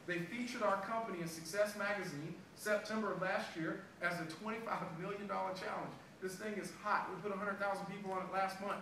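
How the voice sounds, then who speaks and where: High-voiced man giving a sales pep talk. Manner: animated storytelling, acting out dialogue. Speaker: sales trainer. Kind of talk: motivational sales training talk. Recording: echoey room, far from mic, background noise.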